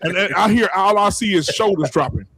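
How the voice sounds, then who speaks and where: A man's voice: high-pitched, a little fast, bright, forceful tone, breathy edge, no echo. A man co-hosting a podcast in casual chat, emphatic and opinionated, cursing freely. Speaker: podcast co-host.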